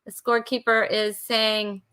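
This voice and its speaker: A woman's voice: a little high, flat delivery, unhurried, sharp tone, clear, resonant tone. A woman hosting a casual comedy game show, chatty and laughing often.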